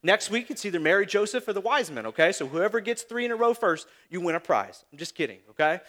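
Male pastor, very high voice, bright and sharp, lively sermon, mocking asides. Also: quick pace. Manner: animated storytelling with mocking asides.

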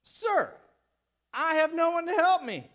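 A man's voice: high-pitched, big pitch swings, very slow, sharp tone, exaggerated voice. A preacher acting out an exasperated paralyzed man who answers in slang and makes excuses.

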